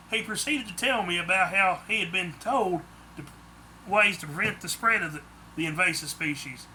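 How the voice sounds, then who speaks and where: A man's voice: high-pitched, moderate pace, pushed and bright, a little hiss or hum. A man narrating his own book in the first person, plain audiobook storytelling.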